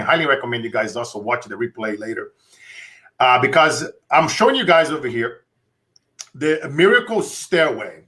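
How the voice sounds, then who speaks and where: Casting: bright, forceful Brazilian-accented man host, preachy motivational delivery. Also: medium pitch. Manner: preachy, rallying the audience. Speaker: interview host, motivational speaker. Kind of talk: live-streamed interview.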